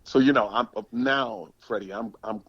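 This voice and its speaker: A man in his sixties from the United States, a former pro football player telling stories in a podcast interview, animated and emphatic, often repeating words. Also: fairly low pitch, moderate pace, vocal fry, breathy edge, no echo, highs cut off. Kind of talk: storytelling interview.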